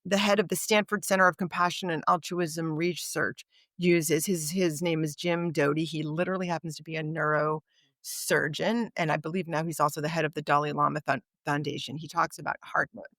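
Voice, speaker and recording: A woman's voice: deep voice, fairly even intonation, fairly quick, fairly bright tone, dry recording, clean studio sound. A woman guest on a podcast, telling a story in conversation and acting out the dialogue of the people in it. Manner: vivid anecdote teller, acts out quoted dialogue.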